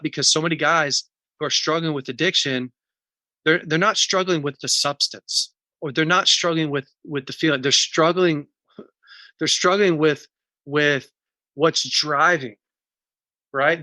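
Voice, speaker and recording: A man's voice: fairly high pitch, normal speed, bright, forceful tone, no room sound. A man speaking as an interview guest, earnest and explaining his points through examples. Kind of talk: casual interview talk.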